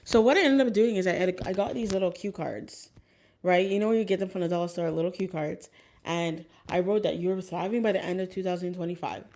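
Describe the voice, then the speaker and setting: A woman's voice: lowish voice, fairly quick, a little mellow. Woman vlogging, casual storytelling, lots of likes and ums, chatting with viewers as she goes. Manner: rambling, many fillers and restarts.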